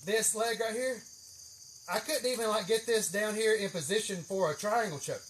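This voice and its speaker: A man with a drawl tells a rambling, profane story and throws in swear words freely. His voice sits fairly high for a man. Faint insects chirp behind him in a greenhouse. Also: normal speed, slight background noise. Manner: profane, animated, swears heavily. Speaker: channel host. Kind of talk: casual storytelling.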